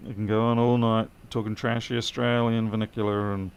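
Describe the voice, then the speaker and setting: A man's voice: on the low side, flat delivery, fairly quick, clean tone. A tired man streaming a late-night electronics repair, muttering as he works and answering live chat with dry, self-deprecating remarks.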